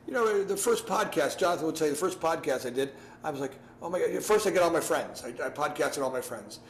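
A man giving casual advice to a class over a video call, animated and repetitive, often acting out his own past thoughts. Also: fairly high pitch, fast. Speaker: guest speaker. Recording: echoey room, faint noise.

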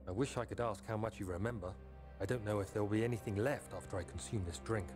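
A man's voice: lowish voice, quick pace, over music, lightly acted. An actor playing a man leaving a solemn, urgent farewell message to his future self in a horror game. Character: grave man recording a farewell to himself.

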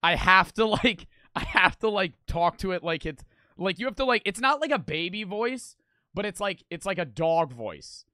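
Brash, bright-voiced man reacting on camera. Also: high voice, big pitch swings, normal speed, no room sound, clean studio sound. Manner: loud, blunt and profane, with frequent laughter. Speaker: reaction video host. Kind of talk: casual reaction commentary.

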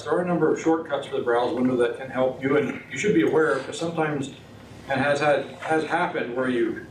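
Man teaching in an echoey room. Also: medium pitch. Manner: relaxed, halting, many fillers and restarts. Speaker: software instructor. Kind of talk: recorded workshop tutorial. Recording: roomy, distant, noisy workshop recording.

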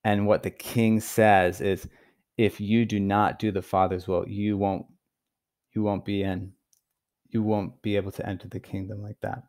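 Low-voiced earnest male Bible teacher. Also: level tone, darkish tone. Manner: earnest, emphatic, stresses key words with pauses. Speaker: preacher.

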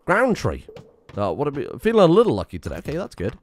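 A young man talks through his game in a loose, sarcastic stream of chatter. His pitch swings widely, jumping high when he swears or gets excited. He curses freely and jokes as he plays. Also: fast. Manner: sweary, sarcastic, animated outbursts. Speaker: gaming streamer. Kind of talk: casual let's-play commentary.

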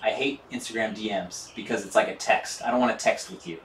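A man's voice: on the low side, brisk, fairly bright tone, a little hiss or hum. A man hosting a casual live stream while working on his bike, rambling and swearing casually as he reads chat aloud.

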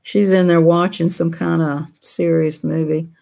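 A woman's voice: sits low, level tone, unhurried, gravelly, a little mellow. A woman hosting a casual livestream. She talks in a folksy, chatty way and laughs easily. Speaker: livestream host.

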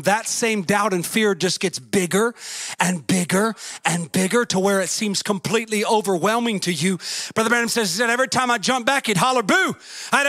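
A man preaching a fervent sermon, swinging between shouts and a singsong cadence and acting out the voices in his stories. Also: high voice, dry recording. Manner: acts out story voices, folksy grammar.

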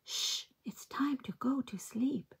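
A woman voicing a tired zoo zebra in a bedtime picture book, hushing the other animals in a soft whisper, a little higher than her usual voice. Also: slow pace, husky, exaggerated voice. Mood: shushing.

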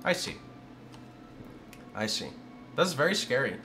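Excitable male game streamer, lively swooping delivery, yells commands, swears freely. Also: medium pitch, a little slow, music in the background. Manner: excitable, yelling out moves, swearing and laughing. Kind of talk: live gameplay commentary. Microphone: studio condenser microphone.

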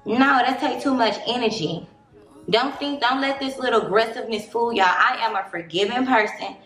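A woman in her late twenties with a Southern US accent addresses her viewers directly in a casual vlog, blunt and preachy. Her voice is a little high and a bit bright at a moderate pace, heard through a distant mic in a very echoey room with faint noise.

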